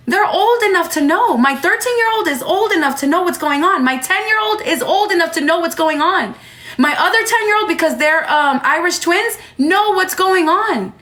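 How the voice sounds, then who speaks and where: A woman's voice: very high-pitched, fairly bright tone. A woman in her thirties talking heatedly on a livestream at home, emphatic and repeating herself. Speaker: livestreamer and mother. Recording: roomy echo.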